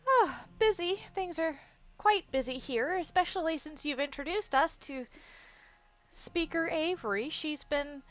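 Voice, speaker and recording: A woman's voice: sits high, unhurried, fairly bright tone, pitched above the performer's own voice. A woman voicing a kindly shopkeeper lady with a put-on accent, fussy and polite in a tabletop game. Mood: friendly.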